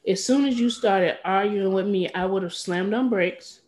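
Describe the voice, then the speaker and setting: A woman co-hosting a podcast in casual chat, animated and playfully petty, who often acts out what others might say. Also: mid-range voice, normal speed. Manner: animated, acts out quoted lines with playful pettiness. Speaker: podcast co-host.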